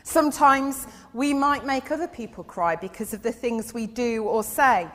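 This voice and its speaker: A woman giving a gentle children's sermon in church, asking her listeners questions as she goes. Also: fairly high pitch, moderate pace. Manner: gentle, asks the audience questions. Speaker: church speaker giving an all-age talk. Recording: long reverb in a big hall.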